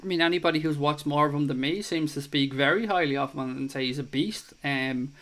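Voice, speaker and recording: A man's voice: a little high, a little fast, fairly bright tone. A young man hosting a casual football chat show, reading out viewer comments and swearing freely as he chats.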